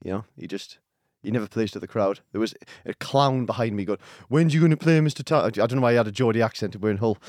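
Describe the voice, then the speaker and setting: A man chats quickly in a rambling, self-deprecating way, full of fillers and restarts. His voice sits fairly low, and the recording is close and dry with no room sound. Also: fairly even intonation, dry recording. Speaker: podcast guest, singer-songwriter. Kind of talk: casual chat.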